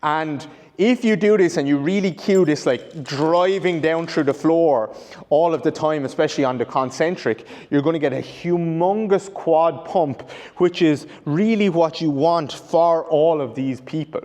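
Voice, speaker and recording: A man's voice: fairly high pitch, measured pace, darkish tone. Man coaching an exercise in an echoey room. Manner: explanatory, restarts and corrects himself. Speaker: rehab coach. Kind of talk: instructional demonstration. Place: training room with a whiteboard. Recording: long reverb in a large room.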